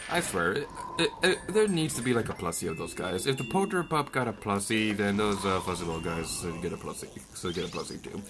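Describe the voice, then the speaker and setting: A man giving jokey let's-play commentary, who rants and yells at enemies in the game. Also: on the low side, lively intonation, brisk, hardly any pauses, noisy background.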